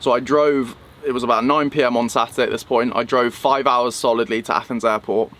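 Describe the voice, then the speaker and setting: A young man from England recounting a travel mishap in a vlog, animated and acting out the people he met. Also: mid-range voice, fairly quick. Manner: animated retelling, acting out quoted voices. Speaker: vlogger. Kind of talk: storytelling vlog.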